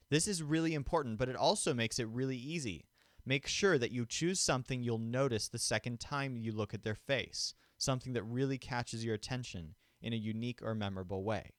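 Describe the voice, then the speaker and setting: A man explaining a memory technique step by step in a clear, patient teaching voice, speaking into a microphone in front of him. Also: medium pitch, dry recording, clean studio sound. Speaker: memory instructor. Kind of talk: instructional explanation. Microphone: studio microphone in front of him.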